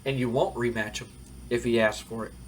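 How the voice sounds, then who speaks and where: A man's voice: mid-range voice, fairly even intonation, fairly quick, slight background noise, lightly acted. Man doing a sarcastic jealous brother wrestler. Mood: needling. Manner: sarcastic, needling.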